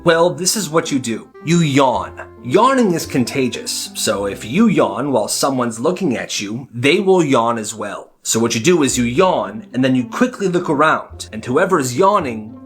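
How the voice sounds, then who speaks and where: A man's voice: mid-range voice, fairly bright tone. A young man telling stories and giving tips in a casual, playful way. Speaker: short-video creator. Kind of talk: casual storytelling and comedy skits. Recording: light guitar music behind.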